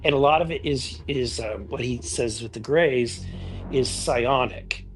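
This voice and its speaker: Brief: male interviewee, hesitant, restarts a lot, clear music under him. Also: mid-range voice. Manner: halting, lots of restarts and fillers. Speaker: interviewee in a played clip. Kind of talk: casual interview recounting.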